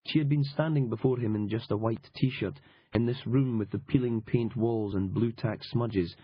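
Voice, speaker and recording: A man narrating an audiobook in a dry, wry and measured manner. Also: mid-range voice, slightly rough, no echo. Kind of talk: scripted narration. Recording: dull lo-fi audiobook recording.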